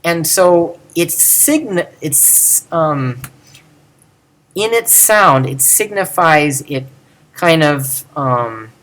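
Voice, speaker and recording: Explaining Greek grammar in an informal recorded lecture, a man with a mid-range, somewhat bright voice works things out aloud. Fillers and self-corrections run through his lesson, and he stretches out the example words.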